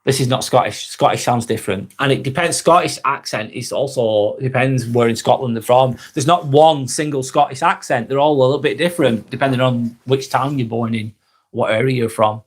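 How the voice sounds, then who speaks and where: A man in his forties with a Lancashire accent from near Manchester chats through a live stream. He reads out viewer comments and answers each person by name in a friendly, thoughtful way. His voice sits at an ordinary middle pitch for a man. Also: brisk, husky. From Northwest England. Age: 40s. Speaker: live vlog host. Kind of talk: casual live-stream chat.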